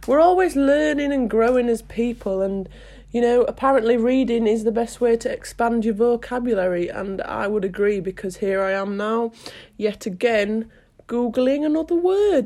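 A woman's voice: medium pitch, moderate pace. A woman reading a storybook aloud at home, with chatty self-mocking asides, no proper microphone. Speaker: audiobook reader. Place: home, no studio. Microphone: basic home setup, no proper mic.

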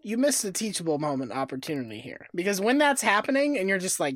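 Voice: medium pitch, fast talker, few pauses, no echo, clean studio sound. A co-host on a comedy podcast, throwing in wry quips. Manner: wry quips, lively delivery. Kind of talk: comedic casual chat.

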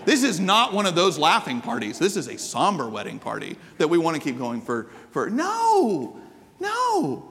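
High-voiced male pastor, reverberant hall. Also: very animated, a little fast, creaky, few pauses, fairly bright tone. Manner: conversational, asks rhetorical questions. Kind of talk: sermon. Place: church hall with congregation.

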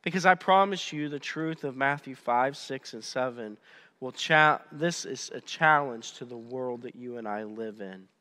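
A man preaching a sermon as pastor, conversational and animated, often restarting his sentences. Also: medium pitch, a little slow, big-room sound.

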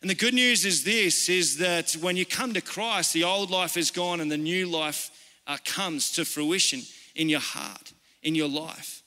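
Australian male pastor, earnest, chatty sermon delivery, bright voice, echoing church hall. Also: a little high, a little slow. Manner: earnest, conversational, personal storytelling. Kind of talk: informal sermon. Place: church service.

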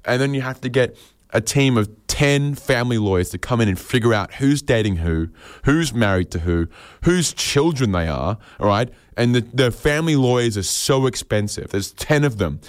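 A man's voice: medium pitch, expressive, normal speed, no echo, clean studio sound. A man riffing through an absurd comedy scenario in a playful, rambling way.

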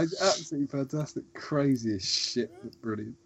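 A man's voice: mid-range voice, normal speed, very noisy. A man hosting a podcast, telling rambling stories with lots of restarts. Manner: animated storyteller, rambling restarts. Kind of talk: casual chat.

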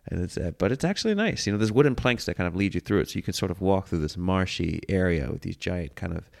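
A man's voice: low-pitched, expressive, fast talker, gravelly, darkish tone. A man, hosting a casual comedic monologue in a rambling, profane, self-mocking way. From United States. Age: 30s. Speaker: podcast host.

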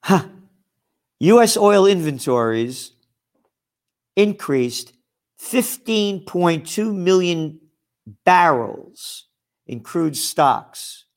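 A man's voice: high-pitched, lively intonation, drawn-out words, pauses often. A man hosting a ranting news commentary, angry and sarcastic, mocking his targets with outraged asides. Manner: mocking asides, blah blah dismissals. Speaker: host.

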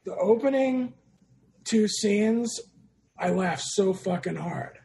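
A man's voice: high-pitched, expressive, slow, vocal fry, warm tone. A man co-hosting a podcast, talking in a laid-back way and swearing casually. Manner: laid-back, swears, laughs while telling stories. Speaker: podcast co-host. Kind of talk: casual chat.

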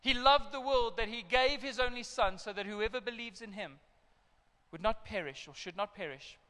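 A middle-aged man preaching a sermon in a large church hall, telling the story with animated, acted-out outbursts. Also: high-pitched. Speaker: pastor. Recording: long hall reverb.

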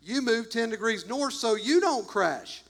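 A man voicing a lighthouse that calmly and firmly refuses to move. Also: very high voice, measured pace, gravelly, voice pushed up, exaggerated voice. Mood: unbothered. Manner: calm, firm, matter-of-fact. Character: calm unmoving lighthouse, talking back.

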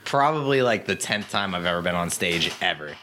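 Bright-toned man, self-mocking storyteller. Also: deep voice, animated, slight background noise. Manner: self-deprecating, quick storytelling with fillers. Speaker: stand-up comedian. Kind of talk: casual podcast chat.

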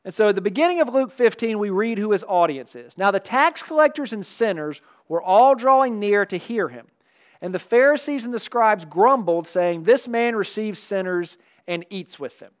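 Animated high-voiced man preaching. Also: normal speed. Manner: animated, conversational preaching with asides and humor. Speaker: pastor. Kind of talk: sermon.

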